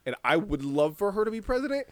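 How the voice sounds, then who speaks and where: Animated man acting out bits. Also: sits high, fast. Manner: animated, acts out imagined dialogue in put-on voices, laughs often. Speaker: podcast co-host. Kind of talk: casual chat.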